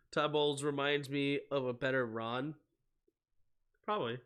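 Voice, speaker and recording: A young man hosting a live sports stream, mixing casual chat with excitable football play-by-play that climbs to shouting on big plays. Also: medium pitch, smooth.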